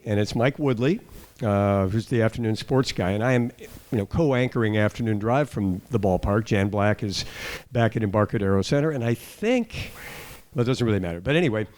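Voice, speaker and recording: A man's voice: mid-range voice, a little mellow. A man in his sixties, a retired radio news anchor, telling humorous stories with asides and self-corrections into a handheld microphone at an indoor party. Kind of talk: casual anecdotal speech at a party.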